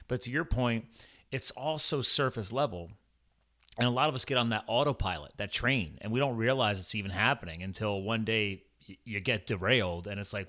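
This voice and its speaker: A man's voice: mid-range voice, lively intonation, moderate pace, bright, forceful tone. A young man talking candidly as a podcast guest, rambling and often saying "man". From farm upbringing, rural. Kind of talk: casual conversation.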